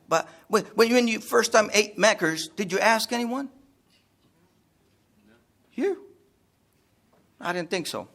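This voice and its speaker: A man's voice: fairly high pitch, creaky, fairly bright tone. A man speaks to a seminar crowd. He rambles, jokes and circles back to the same points over and over. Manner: rambling, jokey, repeats himself. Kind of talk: informal talk to a live audience. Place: seminar room.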